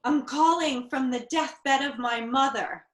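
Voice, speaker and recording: A woman's voice: high voice, measured pace, roomy sound. A woman reading the part of a flustered woman phoning from her mother's deathbed, hesitant and stammering.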